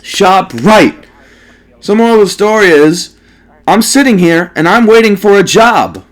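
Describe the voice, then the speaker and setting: Man, high-pitched, gaming commentator ranting, profane, repetitive rhetorical questions. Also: expressive, a little slow. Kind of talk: ranting storytime over gameplay.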